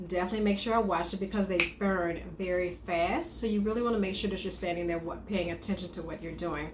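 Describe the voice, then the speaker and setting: A woman's voice: fairly low pitch, fairly even intonation, fast. A woman who is a chef and wellness coach, giving casual advice on eating, often repeating and rephrasing her points. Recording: echoey room with faint noise.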